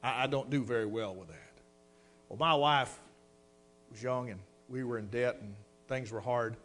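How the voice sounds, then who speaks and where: A man's voice: medium pitch, normal speed, a bit bright. A middle-aged man preaching a sermon, telling a folksy personal story and addressing the congregation as folks.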